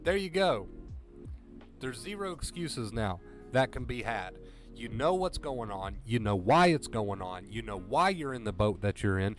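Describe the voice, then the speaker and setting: A man at a middle pitch talks straight to his livestream viewers about anxiety recovery. He is earnest and direct and keeps repeating his points to drive them home. Faint music plays in the background. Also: expressive, measured pace. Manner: earnest, repetitive, direct pep talk.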